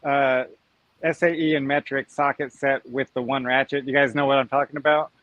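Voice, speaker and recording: A man's voice: medium pitch, normal speed, dry recording, highs cut off. A man chatting casually on a group live stream, telling stories and acting out what commenters say. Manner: animated storyteller, acts out commenters' voices. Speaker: YouTuber guest.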